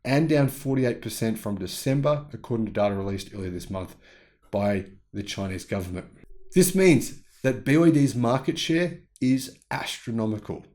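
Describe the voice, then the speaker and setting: A man's voice: medium pitch, lively intonation, moderate pace, darkish tone. A man hosting his own channel, giving casual, opinionated commentary and thinking aloud as he goes. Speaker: YouTube channel host. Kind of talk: casual commentary on news reports.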